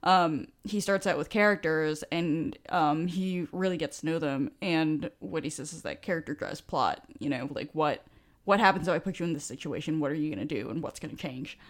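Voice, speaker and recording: A woman co-hosting a podcast, chatting casually with lots of ums and easy laughter. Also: lowish voice. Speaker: podcast co-host. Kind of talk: casual chat.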